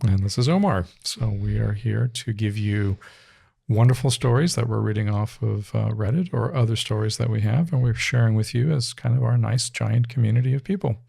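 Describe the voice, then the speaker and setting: Gravelly American man, teasing co-host. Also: lowish voice, fairly quick, mellow. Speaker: podcast co-host. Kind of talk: casual chat.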